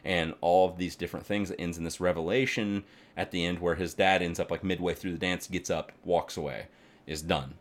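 A man chatting casually as a podcast co-host, rambling and animated, swearing freely and filling gaps with "like". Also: deep voice, brisk. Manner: rambling, animated, swears often, many fillers. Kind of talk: casual chat.

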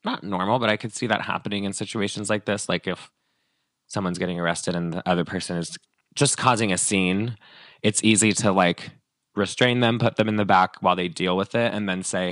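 A man's voice: sits low, fairly even intonation, fairly quick, fairly bright tone, dry recording. A man hosting a podcast, retelling a story in a casual, rambling way with lots of fillers. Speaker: podcast host.

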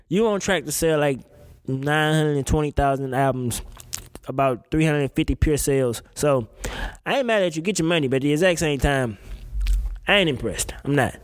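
A man with a slightly high voice hosts a casual talk show. He rants with emphatic, slang-heavy, profane delivery and keeps his energy high. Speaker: podcast host. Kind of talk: casual opinion rant.

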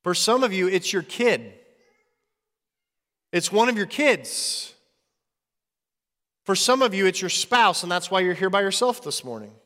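A man's voice: high-pitched, big pitch swings, a little slow, long pauses, fairly bright tone, long reverb tail. A man preaching a sermon as pastor, earnest and conversational.

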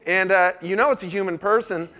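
A man pastor giving a sermon, telling a story with animated asides before laying out his points. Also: high-pitched, brisk.

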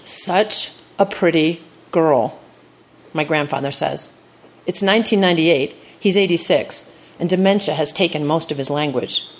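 A woman's voice: low voice, moderate pace. A woman giving a live reading of her personal essay on stage, with a wry storytelling delivery.

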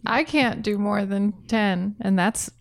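A woman's voice: mid-range voice, slow, dry recording. Young woman hosting, dry close sound. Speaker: podcast host. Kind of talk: casual podcast chat.

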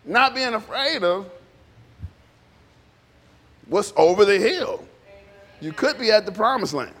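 A man in his fifties preaching a sermon, animated and often laughing as he acts out little dialogues. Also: high voice, slow. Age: 50s. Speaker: pastor. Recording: long reverb of a large hall.

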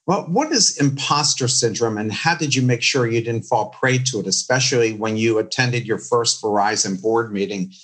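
A man hosts a business interview and asks long questions in a conversational tone. His voice sits at an ordinary mid pitch. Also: moderate pace, few pauses, fairly bright tone, rough recording. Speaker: interview host.

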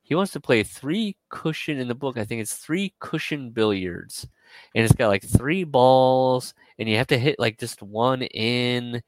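A man co-hosting a casual podcast, retelling a story in a rambling way, full of fillers and quick quoted asides. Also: medium pitch, animated, no room sound, low-quality recording. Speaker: podcast co-host.

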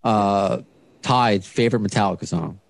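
A man hosts a podcast interview in a lowish voice with vocal fry, speaking at a moderate pace on a dry recording. He talks casually and rambles, restarting often and using plenty of fillers.

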